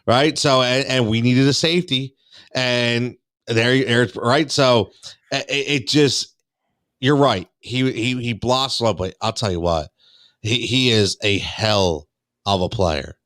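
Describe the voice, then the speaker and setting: A man's voice: medium pitch, slow pace, a bit bright, dry recording, studio quality. A man co-hosting a sports talk show, often stammering and repeating words as he gets going.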